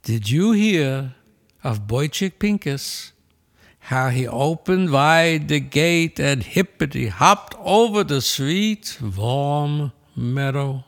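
A man's voice: fairly high pitch, animated, vocal fry, long reverb tail, pitched above the performer's own voice, heavily acted. An older man narrating a storybook in a put-on Brooklyn Yiddish accent, a mocking old-world storyteller. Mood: teasing. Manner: slow, drawn-out, mocking storytelling.

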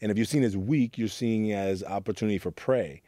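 Talking a little fast in a lowish, dark-toned voice, a middle-aged youth mentor from Oakland, California, reflects on his story in an interview. He speaks earnestly and acts out quoted lines, and the recording is dry.

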